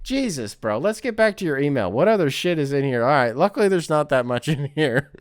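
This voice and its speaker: A man's voice: a little high, big pitch swings, fairly quick, no room sound, clean studio sound. A man hosting a casual sports podcast, reading out a listener's email and breaking off often to laugh, riff and swear. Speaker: podcast host.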